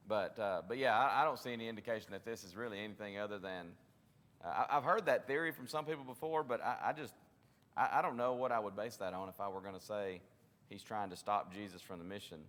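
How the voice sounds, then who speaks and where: Man, Bible class teacher, lowish voice, conversational, reverberant church room. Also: brisk, a bit bright. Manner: conversational, with frequent restarts and acted-out quotes.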